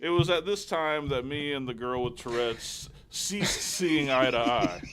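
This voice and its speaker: Male podcast co-host, lively swearing storyteller, bright and punchy. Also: medium pitch, slight background noise. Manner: animated, profane, quick storytelling. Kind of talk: casual storytelling banter.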